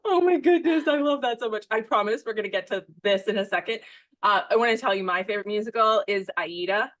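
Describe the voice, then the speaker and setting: A woman's voice: mid-range voice, fast, fairly bright tone. An American woman in her thirties hosting a podcast, chatting in a gushing, rambling way and often breaking off mid-sentence. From United States. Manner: gushing, rambling, self-interrupting. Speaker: podcast host. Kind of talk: casual podcast chat.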